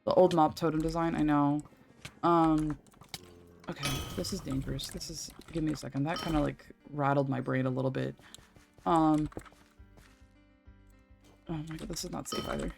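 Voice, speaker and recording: A woman's voice: low voice, steady tone, moderate pace, creaky, pauses often, darkish tone. A young adult woman streaming a game, chatting casually in a rambling, filler-heavy way and swearing freely. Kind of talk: casual gaming stream chat. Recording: faint game music behind. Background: faint game music.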